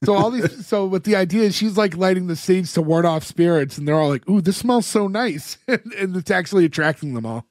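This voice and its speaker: A man's voice: high voice, brisk, hardly any pauses, a little mellow, no room sound, studio quality. A man co-hosting a podcast, recapping a TV episode in casual chat with lots of fillers, acting out the characters' lines as he goes. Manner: rambling, many fillers, acts out characters' lines. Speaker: podcast co-host.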